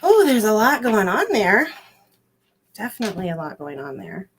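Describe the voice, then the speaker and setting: A woman's voice: mid-range voice, very animated, moderate pace, a little hiss or hum. A woman giving a psychic card reading on a livestream, effusive and giggly, often repeating herself. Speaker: guest psychic. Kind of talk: live-streamed card reading.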